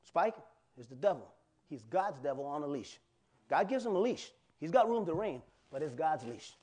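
An animated male pastor preaching in a fairly high voice. He talks in a loose, conversational way and often turns to quiz his congregation. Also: normal speed, breathy edge. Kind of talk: sermon.

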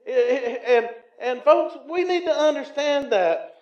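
A Southern American man preaching a sermon as pastor, swinging from loud emphatic lines to quiet, low asides, in a church sanctuary. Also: moderate pace. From Tennessee. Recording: echoey, slightly muffled church recording.

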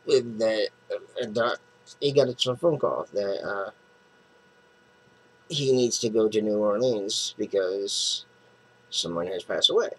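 Slow, low-voiced man rambling casually. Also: slight background noise, rough recording. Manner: rambling, full of fillers and restarts. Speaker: comic book reviewer. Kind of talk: casual plot recap.

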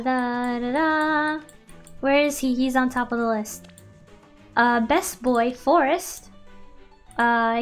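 A young woman streaming a game, chatting playfully with frequent laughs and switching between two languages. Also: high-pitched. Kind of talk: casual chat.

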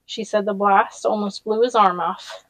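A woman reads a novel aloud at a middle pitch and drops in casual personal asides. The recording is close and dry, with no room sound. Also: fairly even intonation, moderate pace, a bit bright, no echo, low-quality recording. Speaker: audiobook reader.

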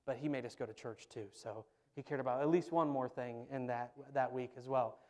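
A man preaching a sermon in church, telling stories in an animated, emphatic way. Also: mid-range voice, a little fast. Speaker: pastor. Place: church sanctuary.

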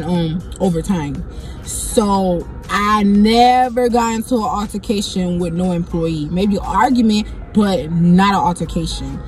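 A young woman vlogger telling a story in a blunt, profane and animated way, often going off on tangents. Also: medium pitch. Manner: blunt, profane and animated, keeps getting sidetracked. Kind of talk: casual storytime monologue.

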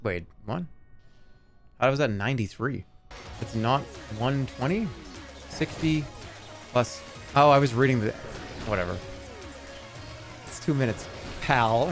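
A man's voice: mid-range voice, animated, unhurried, pauses often, faint music behind. A man streaming live, chatting casually in a rambling, jokey way that trails off into mumbled asides.

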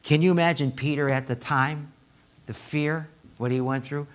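A male pastor preaching a sermon in a church, swinging from hushed asides to loud, impassioned appeals. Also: on the high side, steady tone, normal speed. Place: church sanctuary.

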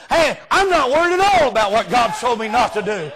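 A man preaching a folksy revival sermon as a guest preacher, often breaking into shouts. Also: very high-pitched, sing-song, brisk, few pauses. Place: church sanctuary.

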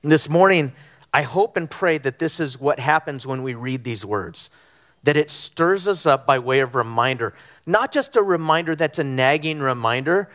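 A middle-aged man from Southern California preaching a conversational sermon, telling animated stories with frequent ums and restarts. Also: fairly high pitch, moderate pace. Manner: animated storytelling with frequent fillers. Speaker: pastor. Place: church sanctuary.

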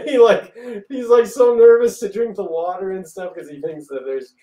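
A man's voice: high voice, moderate pace, mellow. Man telling a rambling story, echoey room. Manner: rambling, laughs often, acts out quotes. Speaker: guest magician. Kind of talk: casual storytelling. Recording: echoey room, far from the mic.

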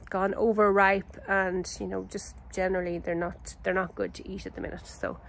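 An Irish woman giving a casual, unhurried walkthrough of her vegetable garden outdoors, chatty and full of ums and self-corrections. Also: medium pitch, level tone, low-quality recording. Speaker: home gardener and channel host.

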